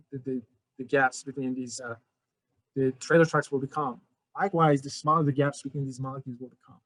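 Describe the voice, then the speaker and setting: Male physics teacher, quick and conversational, dry close sound; talks to students casually with frequent restarts. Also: medium pitch, dry recording, rough recording. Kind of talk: recorded lecture.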